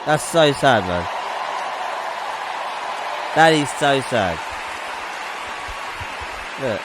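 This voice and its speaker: A man's voice: mid-range voice, lively intonation, very slow, crowd noise, background noise. A young man hosting a podcast, ranting and swearing as he comments on video clips, repeating "look" and "okay". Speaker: podcast host.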